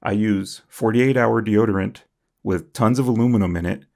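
A young man reading and reacting to comments on his channel, jokey and self-mocking, swinging from high squeals to low mutters. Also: normal speed, creaky, darkish tone. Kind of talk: comedic comment-reading vlog.

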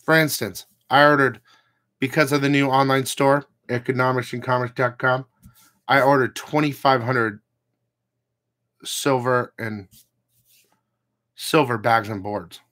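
A man's voice: mid-range voice, steady tone, unhurried, long pauses, fairly bright tone. A man hosting a comic book channel, ranting casually to his viewers, blunt and profane, with rambling asides.

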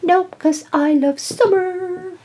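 A woman's voice: very high voice, fairly even intonation, slow, dark tone, pitched above the performer's own voice. A woman voicing a sunny little snowman toy who loves summer, talking in a sing-song, repetitive way in a toy play story. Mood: giddy. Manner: sing-song, repeats itself.

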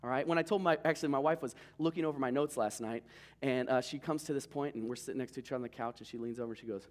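A man's voice: mid-range voice, rapid-fire. A man preaching a sermon as pastor, telling the story in a casual, joking way.

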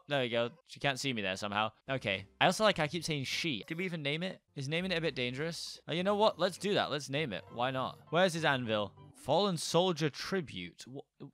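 Excitable young man yelping over game footage. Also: fairly high pitch. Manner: excitable, yelps and gasps, quick jokey asides. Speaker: gaming YouTuber. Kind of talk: Minecraft let's play commentary.

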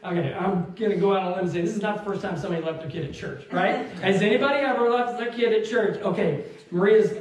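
Animated man preaching in an echoey church. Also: high voice, fast. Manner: animated storytelling, acts out quotes, laughs along. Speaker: pastor. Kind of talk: sermon with personal story. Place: church sanctuary. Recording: very echoey church hall, distant mic.

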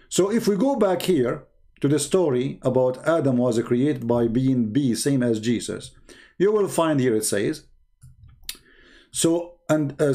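A man's voice: mid-range voice, dark tone. A man hosting a mocking religious commentary, speaking sarcastic, incredulous English with broken grammar. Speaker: host.

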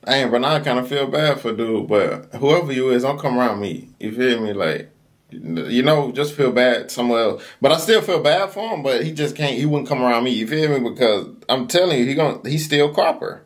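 A man's voice: medium pitch, expressive, brisk. A man hosting a reaction video, giving slangy, casual commentary that keeps breaking into laughter. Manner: slangy, laughs a lot while talking.

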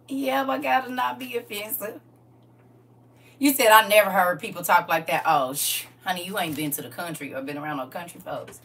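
A woman's voice: medium pitch, normal speed, fairly bright tone. A woman chatting casually on a live stream, laughing often and talking straight to her viewers.

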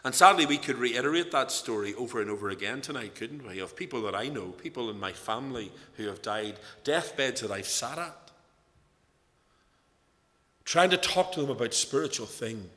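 A lay preacher with a Northern Irish accent delivers an evening church sermon in a medium-pitched, expressive voice that sounds pushed and bright, at a moderate pace. He is earnest and tells stories, his emphasis rising and falling. The hall around him is echoey.

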